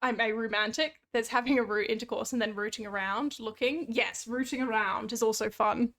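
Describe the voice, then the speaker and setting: A woman's voice: fairly high pitch, steady tone, fairly quick, a bit bright. A young woman chatting casually on a live game stream, talkative, swearing freely and laughing often. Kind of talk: casual live-stream chat while gaming.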